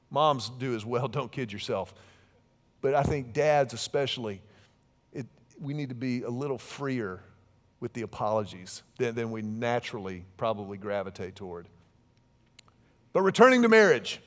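A middle-aged man preaching a sermon in a conversational way, with asides and big swings between loud and soft. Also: mid-range voice. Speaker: pastor.

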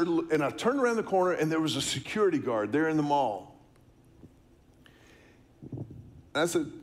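A man's voice: on the high side, lively intonation, normal speed, long pauses. A middle-aged man, preaching a sermon, telling a story and asking the congregation questions. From Texas, US. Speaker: pastor.

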